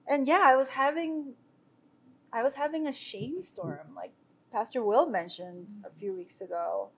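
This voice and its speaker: A woman's voice: on the high side, unhurried, a bit bright, a little hiss or hum. A woman earnestly sharing a personal faith testimony with viewers, talking loosely with many fillers and restarts. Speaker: speaker sharing a devotional.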